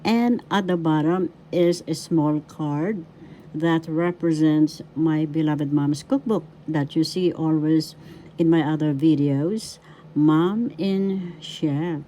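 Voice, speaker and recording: An older woman from the Philippines, a language teacher and author, introducing a video lesson in a formal, deliberate way and repeating her name and degrees. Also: low-pitched, mellow, slight background noise. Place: her home in New York City.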